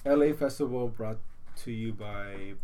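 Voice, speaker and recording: A man's voice: on the low side, a little slow, warm tone. A man in his twenties, a band member giving short, laughing replies in casual chat. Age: 20s.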